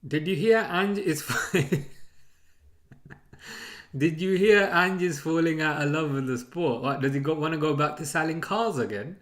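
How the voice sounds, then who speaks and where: A man's voice: on the high side, moderate pace, a bit bright. A man hosting a live football watchalong, chatting casually, rambling and chuckling as he reads out chat messages.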